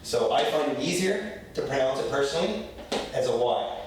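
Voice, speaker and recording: A man's voice: medium pitch, animated, moderate pace, background noise. A man teaching a casual language lesson, blunt and profane, checking in with "okay?" again and again. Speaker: Spanish teacher. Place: room in Lima, Peru. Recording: very echoey room, voice from a distance.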